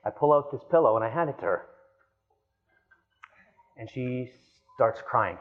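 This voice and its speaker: A man giving a live keynote speech, telling a personal story with animated energy and calling the audience guys. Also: mid-range voice, a little slow, phone-quality sound. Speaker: keynote speaker.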